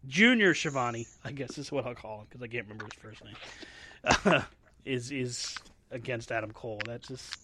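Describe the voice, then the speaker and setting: A man's voice: mid-range voice, moderate pace, very noisy. A man co-hosting a casual wrestling podcast, chatty and laughing often, with hiccups. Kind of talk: casual chat.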